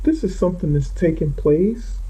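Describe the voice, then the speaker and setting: A man's voice: high voice, lively intonation, normal speed, mellow, husky. A man giving a rambling, unscripted tarot reading who often repeats and corrects himself. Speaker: tarot reader. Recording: muffled lo-fi audio.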